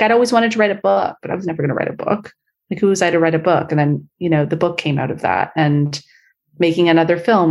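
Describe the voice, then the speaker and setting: A woman's voice: low-pitched, a little mellow. A middle-aged woman from Canada, a guest telling stories in a casual interview, chatty and full of fillers. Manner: chatty, filler-heavy storytelling.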